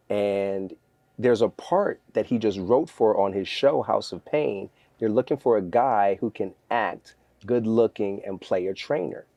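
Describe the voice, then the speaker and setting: Brief: low-pitched male guest, energetic storyteller, dry studio sound. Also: dry recording. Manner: energetic, animated storyteller acting out quotes. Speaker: guest, fitness trainer. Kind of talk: storytelling in a podcast interview.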